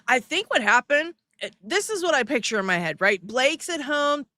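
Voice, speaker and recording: A woman's voice: high-pitched, sing-song, moderate pace, sharp tone, dry recording, clean studio sound. A woman hosting a live stream who comments sarcastically and mockingly and laughs often while reading the chat. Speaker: livestream host.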